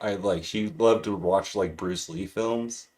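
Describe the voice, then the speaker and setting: A man's voice: sits low, a little slow, a little mellow. A man telling stories in casual chat. He rambles and laughs often. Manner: rambling, laughs often, imitates his parrot.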